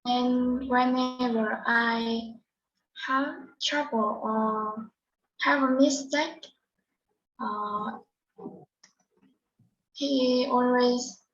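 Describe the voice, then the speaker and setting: Flat, slow-speaking woman student. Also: a little high. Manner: hesitant, halting. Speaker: English learner. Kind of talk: spoken exam practice answer. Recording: dull lo-fi audio.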